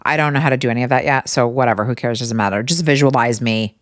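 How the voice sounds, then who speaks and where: A woman hosting her own podcast, telling funny stories in a casual, animated way and swearing freely. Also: extremely low pitch, fast talker, no room sound, studio quality. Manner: animated, profane, exasperated storytelling. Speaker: podcast host. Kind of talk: casual comedic storytelling.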